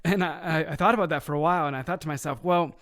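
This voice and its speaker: A man's voice: on the high side, very fast, fairly bright tone. A man, an associate pastor, talking in upbeat casual chat and laughing easily.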